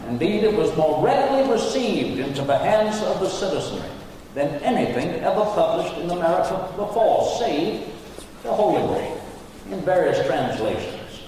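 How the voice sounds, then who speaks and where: A genteel, learned Thomas Jefferson, as a re-enactor plays him, delivering flowery speech with a lively, swooping pitch set a bit high. He sounds far from the mic, with heavy echo and long reverb from the hall. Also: normal speed, slight background noise. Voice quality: ornate, flowery oratory. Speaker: historical re-enactor. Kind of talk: in-character stage Q&A. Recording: distant mic in echoey auditorium.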